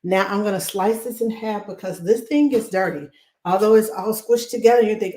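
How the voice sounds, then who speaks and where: Lady hosting a live cooking stream, kinda hoarse voice, chatty, says hi to everyone. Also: mid-range voice, a little fast, mellow. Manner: chatty, greets viewers by name. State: hoarse from laryngitis. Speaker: cooking show host.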